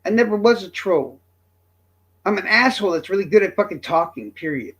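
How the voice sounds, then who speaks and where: Male streamer in his fifties, high voice, swinging pitch, profane and cocky. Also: animated, a little fast, fairly bright tone. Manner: profane, boastful, combative. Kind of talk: livestream rant to chat.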